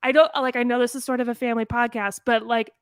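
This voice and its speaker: Animated female co-host, chatty and quick, a bit high-pitched, recorded dry and close. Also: clean tone, no echo. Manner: animated, quick bursts of speech with frequent "like". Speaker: podcast co-host. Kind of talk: casual chat.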